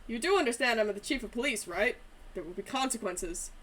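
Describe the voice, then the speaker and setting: A woman voicing a gruff older male police chief who speaks in a smug, pompous, condescending way, with game music behind. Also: a little high, lively intonation, a little fast, fairly bright tone.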